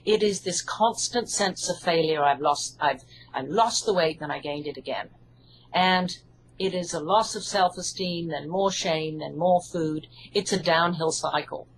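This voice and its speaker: English woman, hypnotherapist guest, lower register, earnest and reassuring, faint noise on the line. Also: a little slow, poor audio. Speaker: hypnotherapist and author. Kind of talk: interview answers.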